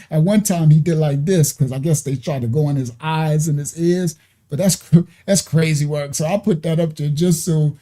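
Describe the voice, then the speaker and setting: A man hosting a reaction video who chats casually to his viewers as "y'all" and fills his pauses with "um". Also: on the high side, dark tone. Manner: chatty, talks to viewers as "y'all", hesitant fillers.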